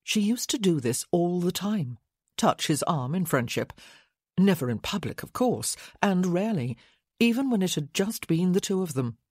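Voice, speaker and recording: A woman narrating a romance audiobook in a measured, intimate reading. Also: fairly low pitch, very animated, a little mellow, breathy edge, no room sound, studio quality. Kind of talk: scripted narration.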